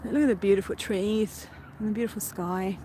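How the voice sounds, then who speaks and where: A woman's voice: mid-range voice, steady tone, moderate pace, mellow. A woman rambling casually to viewers as she walks through a park, filming on her phone. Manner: chatty, rambling, easily distracted. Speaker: vlogger. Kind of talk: casual live-stream walk. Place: outdoors in a park. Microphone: phone held while walking. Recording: faint outdoor background noise.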